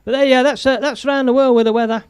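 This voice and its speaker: A man's voice: extremely high pitch, steady tone, very fast, clean tone, no echo. A man hosting a casual live stream, chatting, laughing and reading out viewer comments. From England. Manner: chatty, rambling, laughs often, reads viewer comments aloud.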